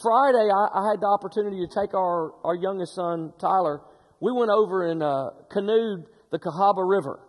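A middle-aged man preaching a sermon, telling stories in an animated way with frequent restarts. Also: high-pitched, brisk, big-room sound. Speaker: pastor.

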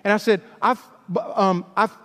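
A man's voice: sits high, steady tone, normal speed, fairly bright tone, big-room sound. A man from Alabama, a youth pastor telling a chatty story in a sermon, with stumbling restarts.

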